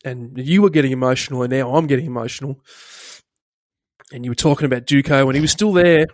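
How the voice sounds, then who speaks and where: A man's voice: medium pitch, fast, dry recording, studio quality. A man hosting a podcast interview, laid-back and casual, often saying mate. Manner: laid-back, says mate and dude a lot. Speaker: podcast host.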